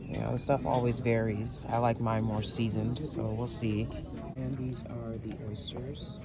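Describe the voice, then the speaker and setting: A low-voiced woman giving a candid, casual vlog monologue, animated and quick to laugh. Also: heavy background noise. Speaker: vlogger.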